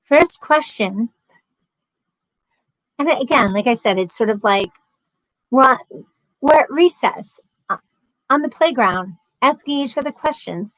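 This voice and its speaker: Woman, livestream host, higher voice, dry close sound; chatty and sarcastic while reading comments. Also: animated, takes it slowly, long pauses, fairly bright tone, no echo, low-quality recording. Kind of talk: casual chat reading viewer comments.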